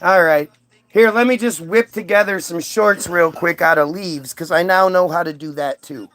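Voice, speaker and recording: A man's voice: high-pitched, moderate pace, a bit bright, no room sound. Crude rambling comedic storyteller man. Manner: crude, rambling, switches into silly voices. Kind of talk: profane comedic monologue acting out characters.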